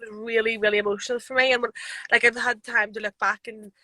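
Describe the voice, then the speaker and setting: A woman MMA fighter being interviewed, telling stories in a chatty, animated way with lots of fillers. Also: fairly high pitch, fast talker, no echo, poor audio. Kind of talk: casual interview chat. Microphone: live video stream.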